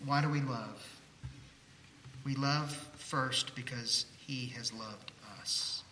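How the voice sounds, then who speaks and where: A middle-aged man pastor preaching a sermon, telling a story and acting out the people in it with lively energy. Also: medium pitch, takes it slowly. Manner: storytelling, animated quoting of others. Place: church sanctuary. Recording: echoey hall with faint noise.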